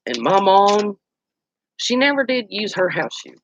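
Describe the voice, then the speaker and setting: Animated storyteller, lo-fi. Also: mid-range voice, measured pace. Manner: animated, colloquial, exclaiming. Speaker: outdoors channel host. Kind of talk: casual storytelling. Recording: dull lo-fi dry recording.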